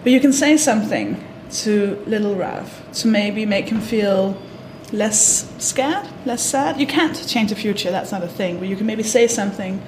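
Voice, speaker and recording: A woman's voice: mid-range voice, animated, normal speed, hardly any pauses, reverberant, background noise. A woman hosting a podcast interview, playful and teasing, laughing often while asking questions. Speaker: podcast host. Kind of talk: casual interview conversation.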